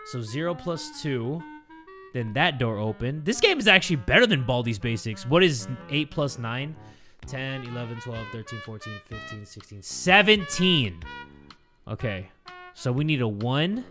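A man giving excitable let's-play commentary, shouting and swearing at the game. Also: mid-range voice, unhurried, music in the background. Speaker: gaming YouTuber.

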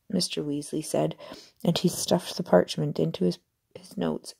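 A woman's voice: sits low, fairly even intonation, normal speed, gravelly, darkish tone, breathy edge. A woman reading a novel aloud, narrating steadily with occasional slips and self-corrections. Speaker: audiobook reader. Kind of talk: amateur audiobook narration.

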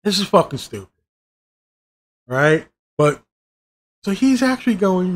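A man's voice: sits high, big pitch swings, measured pace. A man giving a profane, exasperated review of a TV season, swearing constantly and mocking the characters' lines. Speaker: show reviewer.

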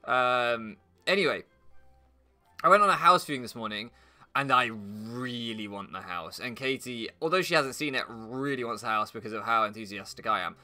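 A man's voice: mid-range voice, expressive, moderate pace, pushed and bright, soft background music. A young British man playing a game and rambling through casual commentary, sarcastic, swearing and bursting into mock outrage. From Britain. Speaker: gaming YouTuber. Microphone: floor mic at first, then desk mic.

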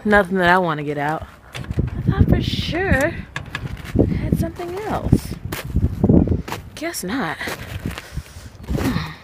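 A spirited, dramatic woman vlogging at home, chatting casually and cooing softly to her babies. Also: mid-range voice, sing-song, slow pace, pauses often, very noisy. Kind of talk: casual home vlog chat. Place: at home and out in the snow.

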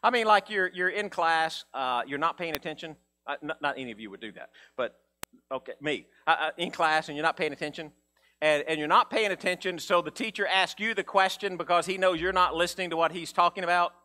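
A man preaching a sermon in a casual, conversational way, acting out Bible figures in a low mumble. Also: brisk, sharp tone. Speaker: pastor.

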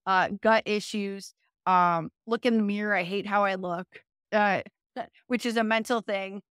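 A woman's voice: medium pitch, steady tone, measured pace, a bit bright, smooth, no echo, studio quality. A woman speaking as an interview guest, telling her story in a casual, chatty way, full of fillers and self-corrections and often laughing.

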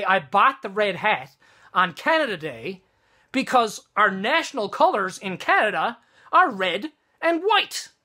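A vlogger vents to camera in a heated, swearing rant, circling back and restarting sentences. The voice is bright and forceful, pitched in the middle. It is recorded in a room at home. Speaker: vlogger and wedding studio owner. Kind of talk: angry profane rant to camera.

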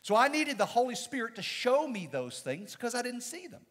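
A man, a pastor, preaching a sermon with dynamic swings from loud to soft. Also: very high-pitched, sing-song, moderate pace, big-room sound. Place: church sanctuary.

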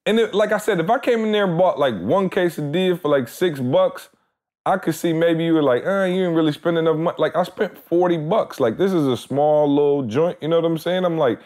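A man's voice: on the high side, fairly quick, darkish tone. A man co-hosting a podcast, joking around and telling stories in a laid-back way. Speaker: podcast co-host. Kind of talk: casual podcast chat.

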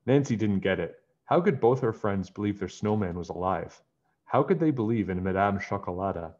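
A man narrating a children's book aloud in a plain, even storytelling manner. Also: lowish voice, moderate pace, highs cut off.

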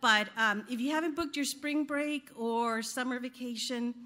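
A woman, a travel agent, giving a friendly short sales pitch at a business event. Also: normal speed, bright, forceful tone.

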